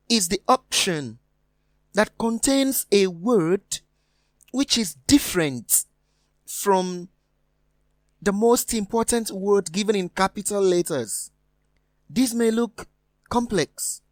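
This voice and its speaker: A woman teaching an exam-prep lesson, speaking slowly and deliberately, spelling out words and repeating them for the students. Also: mid-range voice, no echo. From West Africa.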